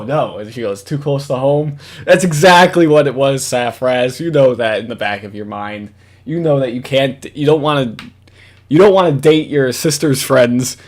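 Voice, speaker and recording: A man giving casual, rambling reaction commentary at his computer, swearing often and breaking into laughs. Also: medium pitch.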